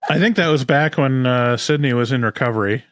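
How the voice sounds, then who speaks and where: A man co-hosting a podcast, chatting in a relaxed, hesitant way. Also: medium pitch, fairly quick, background noise. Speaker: podcast co-host. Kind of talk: casual chat.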